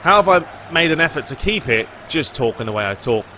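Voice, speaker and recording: A young British man talks through viewer questions in a loose, meandering way, with plenty of "you know" and "uh". His voice sounds bright, with a light hiss of background noise. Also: a little high, fairly quick. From Britain. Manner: relaxed, rambling, lots of "you know" and "uh". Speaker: gaming YouTuber. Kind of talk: casual Q&A chat.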